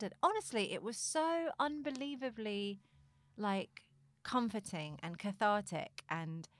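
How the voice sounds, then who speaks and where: A woman's voice: mid-range voice, no echo. Earnest woman telling a personal story. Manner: earnest, animated, laughs often. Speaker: podcast host.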